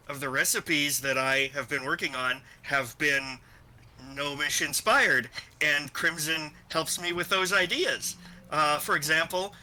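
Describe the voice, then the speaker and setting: Man playing a rambling earnest cook. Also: rough recording. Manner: rambling, earnest, pitch rising as he gets excited. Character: fussy cheerful male cook, rambling and earnest.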